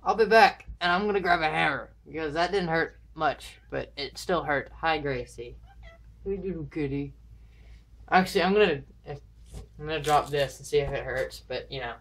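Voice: mid-range voice, normal speed, a bit bright, slight background noise. Chatty vlogger rambling through viewer dares. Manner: chatty and rambling, with nervous countdowns. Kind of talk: casual vlog chat to camera. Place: indoors at home.

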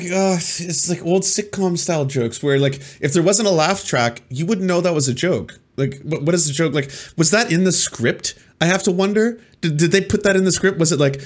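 A man with a slightly high voice rambles through a casual reaction commentary. He is sarcastic and keeps stumbling over his own words. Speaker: host.

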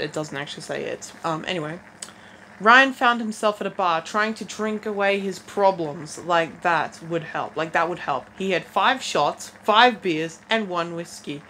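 A woman's voice: lowish voice, a bit bright, rough recording. A teenage girl reading fanfiction aloud in a casual way, stumbling and restarting, with wry comments between passages. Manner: reads haltingly with restarts and wry asides. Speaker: fanfiction reader. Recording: faint background noise.

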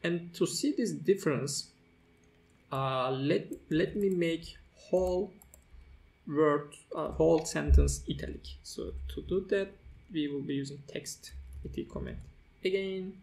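Gravelly man narrating a coding tutorial. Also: on the high side, big pitch swings, unhurried, a little mellow. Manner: walks through steps as he types, with fillers and self-corrections. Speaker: tutorial host. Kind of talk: screen-recorded coding tutorial.

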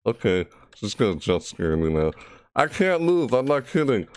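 A man's voice: medium pitch, big pitch swings, normal speed, darkish tone, no echo. A man giving live horror game commentary through a VR headset, jumpy and frustrated, often breaking into panicked yelps and shrieks. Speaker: gameplay commentator.

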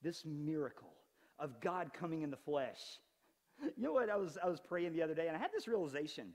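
A pastor in his forties preaching an animated, conversational sermon with touches of humor. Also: fairly high pitch, brisk, long reverb tail. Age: 40s. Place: church sanctuary.

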